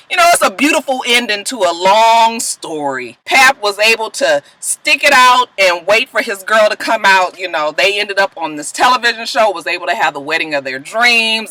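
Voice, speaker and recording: Bright, animated woman, profane, sassy reality-TV recapper. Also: mid-range voice, rough recording. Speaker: reality TV reviewer. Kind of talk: casual recap with commentary.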